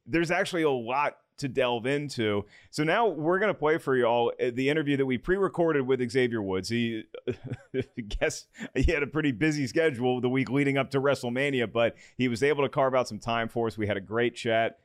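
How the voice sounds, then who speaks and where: An upbeat, enthusiastic man hosting a podcast, at a middle pitch. His voice is close and dry, with no room sound, as he chats and reads promos. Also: brisk, dry recording. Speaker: podcast host. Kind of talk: podcast talk and promo reading.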